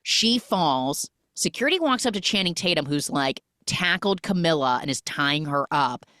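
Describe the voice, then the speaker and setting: A woman's voice: deep voice, normal speed, no room sound, clean studio sound. A woman on a podcast chattily retelling a film plot, full of "like"s. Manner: chatty, animated retelling with many "like"s. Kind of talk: casual podcast film recap.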